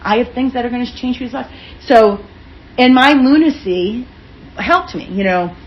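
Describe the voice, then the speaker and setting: A middle-aged woman, an author and interview guest, chatting in a lively way and acting out the voices of people she quotes. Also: on the high side, moderate pace. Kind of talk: animated storytelling in casual conversation. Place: indoor room with a fireplace. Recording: dull, lo-fi sound with faint room hum.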